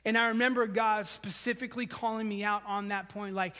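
A man with a fairly high voice preaches to his congregation, talking to them like friends. He pushes his voice up for emphasis, then drops it low and soft. His words ring out with a long reverb from a large sanctuary. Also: moderate pace, hardly any pauses. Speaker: pastor. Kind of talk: sermon.

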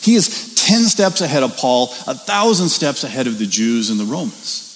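Animated man teaching the Bible. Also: medium pitch, moderate pace. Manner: conversational, animated, rhetorical questions. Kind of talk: Bible study teaching with scripture reading. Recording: reverberant room with faint hiss.

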